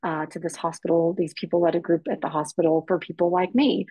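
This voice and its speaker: A woman's voice: fairly low pitch, fast, husky, no echo, low-quality recording. Earnest woman sharing a personal story. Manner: earnest and animated, acting out quoted voices. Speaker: podcast guest. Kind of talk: personal testimony in conversation.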